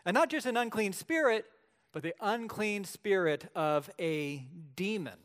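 Brief: male pastor with a somewhat high voice, animated storytelling sermon, dips loud and soft. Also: a little slow. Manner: lively storytelling preacher, shifts between loud and quiet.

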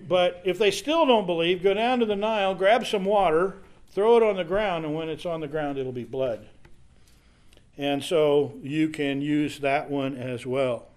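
A man's voice: on the high side, unhurried. A man leading a casual Bible study, reading scripture aloud and then explaining it in a conversational way.

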